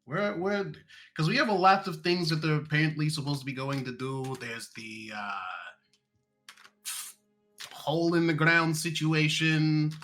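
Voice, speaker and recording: A man's voice: on the high side, measured pace, a bit bright, soft background music. A man playing a tabletop game, talking in a blunt, joking way. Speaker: player. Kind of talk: casual tabletop play.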